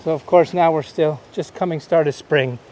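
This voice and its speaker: A man's voice: on the high side, fairly even intonation, normal speed, darkish tone, a little hiss or hum. A Canadian-raised man hosting a live-streamed walking tour outdoors on a coastline, chatting and pointing out the sights as he walks. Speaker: host.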